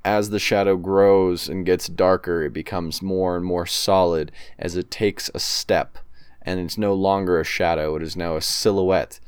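A man co-hosting a podcast, slowly describing a spooky story scene in a measured storytelling way. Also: low voice, steady tone, darkish tone, clear, resonant tone, no echo, studio quality. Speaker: podcast co-host.

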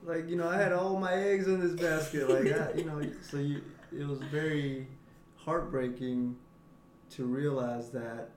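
A man's voice: on the high side, steady tone, unhurried, darkish tone, slight background noise. A man talking earnestly and reflectively in a casual podcast conversation. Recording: roomy echo.

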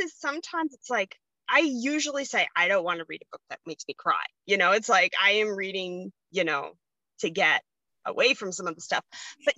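With a bright, forceful mid-range voice, a woman podcast host chats casually and gushes about books that moved her, quick to laugh. The recording has no echo.

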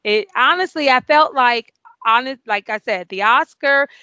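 A woman in her forties, a nurse being interviewed, telling an emotional story with many fillers and excited outbursts. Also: high voice, measured pace, no echo, highs cut off. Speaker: award-winning nurse guest.

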